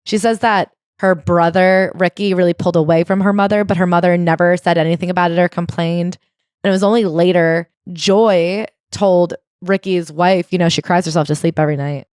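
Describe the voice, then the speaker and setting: Woman co-host, casual book chat, lively, jumps high when excited, casual swearing, dry close sound. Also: brisk, clear, resonant tone, dry recording. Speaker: podcast co-host.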